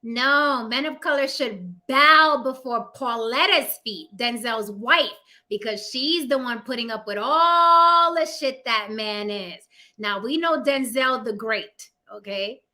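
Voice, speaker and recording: A woman's voice: on the high side, a little slow, bright, forceful tone. A woman with a New York accent hosting a casual livestream chat, blunt, sassy and full of profanity. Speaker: host.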